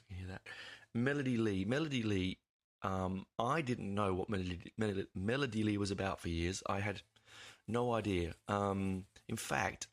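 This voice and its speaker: A man's voice: fairly low pitch, creaky. A man hosting a podcast, talking through an album in a rambling, hesitant way with lots of fillers and the odd casual swear word. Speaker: podcast host. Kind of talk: casual music review monologue.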